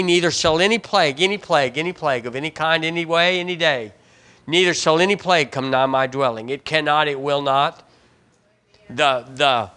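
A man's voice: a little high, bright, forceful tone. A male pastor with a Southern US accent preaching a sermon in a church, reading scripture aloud and leading the congregation to repeat lines after him, with emphatic repeated phrases. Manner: preaching with call-and-response and rising emphatic repetitions. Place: church sanctuary.

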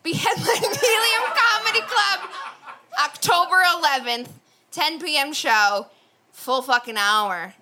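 A woman's voice: high-pitched, lively intonation, unhurried. A woman hosting a comedy show, pumping up the crowd and introducing the next comics. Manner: hyped, shouting to the crowd. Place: comedy club stage. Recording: noisy club recording.

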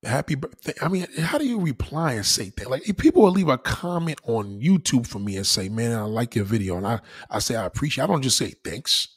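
Husky, animated man giving advice. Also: medium pitch, fairly quick, few pauses. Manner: animated, preachy, swears freely. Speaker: YouTuber. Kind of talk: casual advice monologue.

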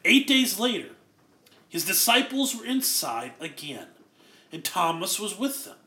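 High, bright-voiced man preaching. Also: big pitch swings, measured pace, roomy sound. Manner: earnest, explains Greek word by word. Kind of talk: expository sermon.

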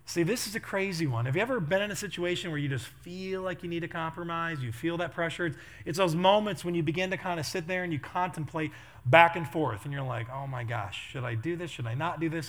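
A middle-aged man, a pastor, telling funny stories in a sermon and laughing as he acts out what people said. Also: a little high. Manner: animated, laughing, acts out quotes. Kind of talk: storytelling sermon.

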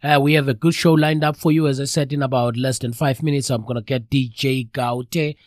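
A man's voice: mid-range voice, fairly even intonation, a little fast, no room sound, clean studio sound. A man with a stuffy, congested voice from a cold, chatting casually as a live radio show host and talking straight to his listeners. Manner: chatty, addresses listeners directly.

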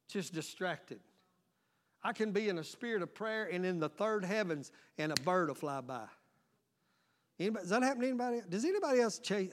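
A male pastor preaching a sermon. He shifts between loud, emphatic exhortation and quiet asides, and keeps calling out questions to the congregation. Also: high-pitched. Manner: frequent call-outs to the congregation.

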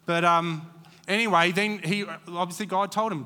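A man's voice: high voice, fairly even intonation, normal speed, pushed and bright, clear, resonant tone, big-room sound. A man preaching a church sermon in a conversational, digressive way, with many fillers.

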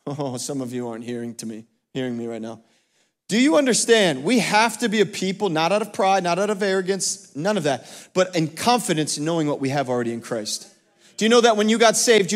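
A male pastor preaching a sermon and calling on the congregation for responses, with emphatic repeats. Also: sits high. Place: church sanctuary. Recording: long church hall reverb.

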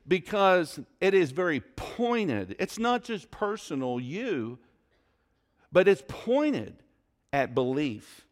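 A man's voice: sits high, sing-song, slow. A man preaching a sermon to his congregation as pastor, repeating and varying his questions with dramatic emphasis. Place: church sanctuary.

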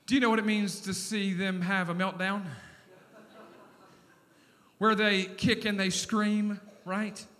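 A middle-aged male pastor preaching a sermon in a church, animated and calling on the congregation to respond. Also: high voice, takes it slowly, long pauses. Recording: long hall reverb.

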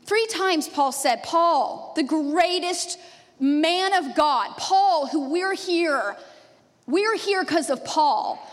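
A woman in her thirties preaching a sermon as a pastor, a lively storyteller who laughs often. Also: high voice, takes it slowly. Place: church sanctuary. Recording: long reverb of a church hall.

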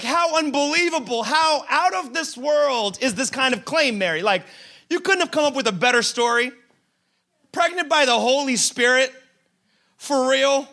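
A man preaching a sermon as pastor, his voice sitting high and sounding crisp and bright. He tells stories with humor, acts out imagined lines, and doubles up words when he drives a point home. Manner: humorous storytelling with acted-out quotes; animated, repeats words while building a point.

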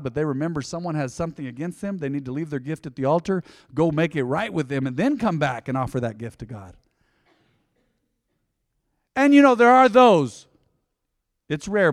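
A man's voice: on the high side, no room sound, clean studio sound, in a large hall. A man preaching a sermon as a pastor, folksy and conversational, often acting out little back-and-forth dialogues.

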